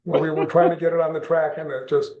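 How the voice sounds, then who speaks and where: A man guest in an interview, talking about film equipment in a calm, matter-of-fact way. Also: on the high side, fast talker, reverberant, muffled recording. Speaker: interview guest, camera dolly supplier. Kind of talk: casual interview.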